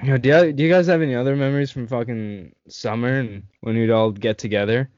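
A man's voice: medium pitch, steady tone, fast, a little mellow, dry recording. Young canadian guy chatting w friends, swears a lot, muffled dry sound. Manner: laughing storyteller, lots of swearing. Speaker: host. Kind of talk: casual chat with friends.

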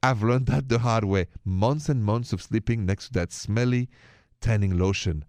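A man hosting a radio relationship advice show in a playful, animated way. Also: fairly low pitch, normal speed, no echo, studio quality. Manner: animated, playful, mixes in French greetings.

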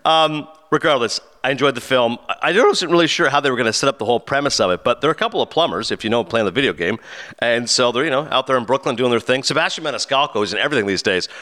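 A male podcast host who talks fast with a bright, forceful edge. He reviews films in a casual, animated way, slipping into little voices when he quotes people. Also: medium pitch. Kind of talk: casual film review chat.

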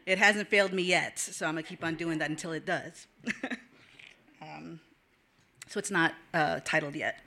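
A woman's voice: sits low, fairly even intonation, moderate pace, long pauses, pushed and bright. A woman with a casual, friendly manner introducing and reading her spoken-word poem at an open mic.

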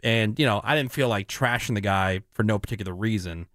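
A man's voice: on the low side, brisk, a bit bright, no room sound, studio quality. A man hosting a radio morning show, blunt and joking in laid-back banter with his co-hosts. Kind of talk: casual on-air banter.

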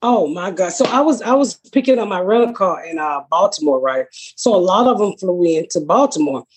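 Husky-voiced, blunt, profane woman comedian. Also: lowish voice, brisk. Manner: blunt, profane, animated storyteller. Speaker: comedian, podcast regular. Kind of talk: casual storytelling chat.

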